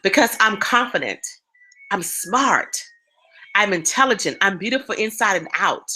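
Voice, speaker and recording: Bright-voiced woman giving a motivational talk. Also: medium pitch, a little slow, poor audio. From East Coast of the United States. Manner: animated storytelling, addresses listeners directly. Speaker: motivational speaker.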